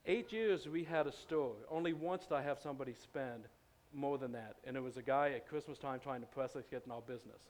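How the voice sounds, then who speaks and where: A man's voice: medium pitch, fairly even intonation, quick pace. A man preaching in a church, telling a story in a loose, conversational way, with many fillers and restarts. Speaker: pastor. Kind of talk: storytelling sermon.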